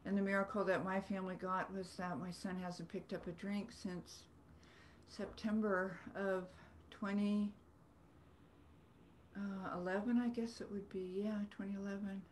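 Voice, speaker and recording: A woman's voice: mid-range voice, flat delivery, unhurried, slight background noise. Woman telling stories on a video call. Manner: earnest, rambling storyteller with self-deprecating humor. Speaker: author guest. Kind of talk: storytelling in a video-call book club.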